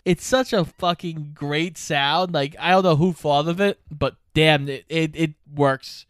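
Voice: mid-range voice, unhurried, smooth, dry recording, studio quality. A podcast co-host recapping a movie plot in a casual, matter-of-fact way.

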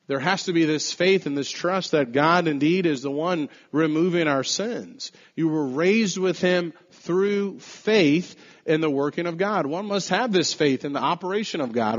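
Male preacher, somewhat high voice, earnest and emphatic; dull recording with a lingering echo. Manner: earnest, emphatic, slows to stress key phrases. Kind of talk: podcast sermon.

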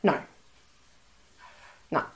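A woman, co-hosting a casual chat podcast and telling stories with lots of laughter and acted-out quotes. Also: drawn-out words. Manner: chatty storyteller, laughs often, acts out quoted voices. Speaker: podcast co-host.

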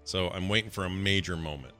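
A man's voice: low-pitched, fast talker, sharp tone, soft background music. A man playing a tabletop game, chatting casually and thinking aloud as he works out his rolls. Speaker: player.

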